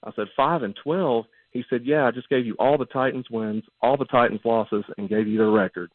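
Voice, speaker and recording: A man's voice: medium pitch, steady tone, fairly quick, dry recording. Rambling male caller on a phone line. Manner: rambling, many ums and you-knows. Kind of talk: telling a story on a radio call-in.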